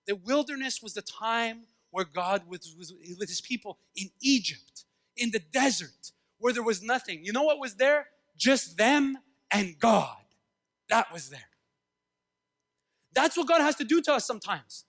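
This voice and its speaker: High-pitched guy preaching, acts out little voices, goes loud then real quiet, church sermon vibe. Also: animated, moderate pace. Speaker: pastor. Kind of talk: animated sermon. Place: church sanctuary.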